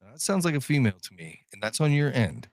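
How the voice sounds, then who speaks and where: A man's voice: medium pitch, very animated, quick pace, a little mellow, no room sound, studio quality. A man from Ohio co-hosting a podcast in casual chat, joking, laughing often and repeating his words. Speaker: podcast co-host.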